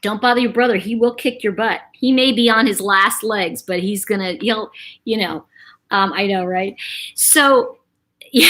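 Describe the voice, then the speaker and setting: A woman's voice: medium pitch, fairly bright tone. A middle-aged woman hosting a casual live chat, talking in a rambling, chatty way to her viewers. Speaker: livestream host.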